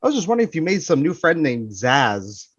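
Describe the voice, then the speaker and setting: A man's voice: on the high side, big pitch swings, fairly quick, breathy edge, no room sound. An anxious husband, played by a man at a tabletop game presses his wife with earnest, shaky questions. The sound is dry and a little dull, with no room around it. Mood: probing.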